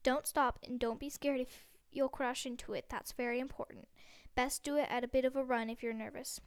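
A woman reading as a kindly, brisk mother. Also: sits high, steady tone, smooth, no echo. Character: kindly plump mother of many sons.

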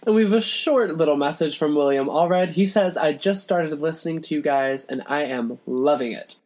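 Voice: medium pitch, normal speed, a little mellow. Young adult reading fan letters with laughs. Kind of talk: casual chat reading listener letters. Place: family home.

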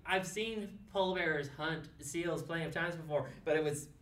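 A woman co-hosting a podcast, chatting casually with lively, laughing asides. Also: low-pitched, normal speed. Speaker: podcast co-host. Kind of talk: casual chat. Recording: echoey room.

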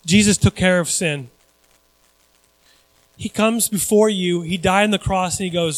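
A male pastor preaching a sermon, animated, swinging between loud emphasis and quiet asides and acting out the voices he quotes. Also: high voice, measured pace, no echo, poor audio.

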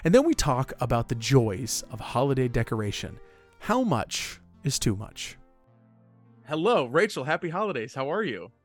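A man's voice: medium pitch, sing-song, moderate pace, faint music behind. A man hosting a podcast, chatting enthusiastically, often laughing. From Florida, United States. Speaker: podcast host. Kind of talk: casual chat.

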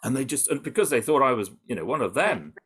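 A British man answering interview questions in an animated, conversational way, with frequent restarts and fillers. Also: mid-range voice, quick pace, slightly rough. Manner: animated, full of restarts and "you know". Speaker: campaigner interviewed about undercover research.

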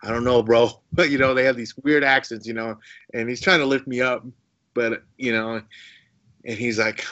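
A man of middle pitch tells a long story as a podcast guest. He rambles, doubles back on his words and chuckles often. The recording sounds dull and lo-fi. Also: fairly even intonation, normal speed, bright, forceful tone. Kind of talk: casual storytelling.

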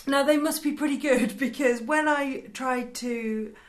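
A woman co-hosting a casual podcast chat, chatty and quick to laugh. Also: high-pitched. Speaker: podcast co-host. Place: lived in Yorkshire.

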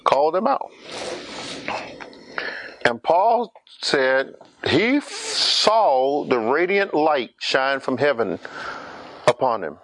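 A man's voice: fairly high pitch, very animated, slow, pauses often, a bit bright, no room sound. A man preaching a sermon, questioning the congregation and acting out scripture scenes.

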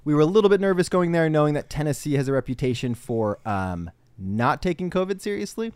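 A man co-hosting a casual podcast, telling a story in an animated way, laughing and restarting his sentences. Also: on the high side, fairly quick, smooth, no echo. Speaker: podcast co-host.

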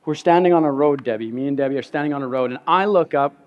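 A man, a pastor, giving an earnest, conversational sermon, often dropping to soft, quiet stretches and repeating words. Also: fairly high pitch, fast talker, dull audio.

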